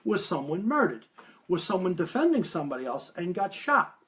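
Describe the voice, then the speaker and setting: A man giving a live-stream talk as a medium, taking viewer questions and telling stories with lively acted-out quotes. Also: sits high, fairly quick. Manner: animated storytelling, acts out quoted voices.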